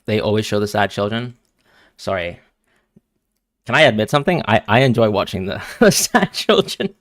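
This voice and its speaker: A man's voice: fairly low pitch, brisk, fairly bright tone, dry recording, clean studio sound. A man streaming live and reacting emotionally to a football match as he watches, talking to his viewers.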